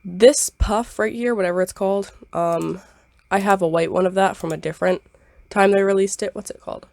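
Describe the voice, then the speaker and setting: A woman's voice: mid-range voice, steady tone, fairly quick, gravelly, a little mellow, no room sound. A young woman with a stuffy, scratchy voice from a sinus illness, rambling through casual game commentary and hedging her claims. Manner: rambling, repetitive, hedging with "I believe". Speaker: gaming YouTuber. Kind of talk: casual screen-recorded commentary.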